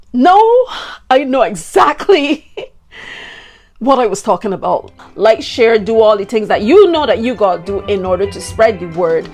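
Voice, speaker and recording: A woman from Barbados with a Bajan accent, hosting a podcast and sharing her ancestry in an emotional, heartfelt way. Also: a little high. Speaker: podcast host. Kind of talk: personal heritage talk.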